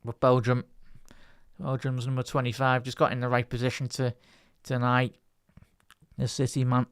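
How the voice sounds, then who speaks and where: A man calls a football match live for his stream, talking straight to his viewers in a relaxed, chatty way and picking up when play gets going. His voice is smooth and clear, in the middle of the male range. The sound is dry, with no room echo. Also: medium pitch, moderate pace. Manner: chatty, talks to his chat between bursts of play-by-play; rises and speeds up on attacking moves. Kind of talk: casual live match commentary.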